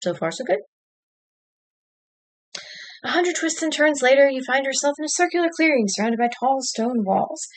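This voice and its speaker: A woman's voice: high voice, normal speed, pauses often. A woman streamer reading an interactive story aloud, dropping wry, dry asides between passages.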